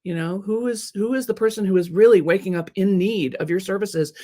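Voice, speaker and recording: A creativity and marketing coach gives a live talk, her mid-range voice brisk and dark-toned. Playful and teasing, she often checks in with "right?" and acts out people in mock voices.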